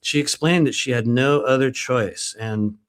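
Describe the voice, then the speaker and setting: A man's voice: medium pitch, unhurried, a bit bright, clear, resonant tone. A man reading aloud from his own book, often breaking off into chatty, swearing asides with frequent laughter.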